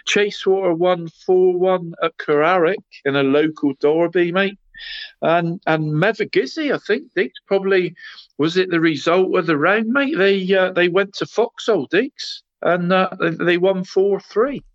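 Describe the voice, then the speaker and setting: A man's voice: sits high, measured pace, dry recording. A man running through local football results in casual radio chat, adding "mate" to nearly every phrase. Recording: slightly muffled, dry studio sound.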